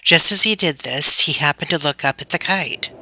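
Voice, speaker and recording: A woman reads a classic children's story aloud with a steady, even delivery. Her voice sits low but carries a bright, crisp edge. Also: moderate pace, no room sound, low-quality recording. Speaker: audiobook narrator.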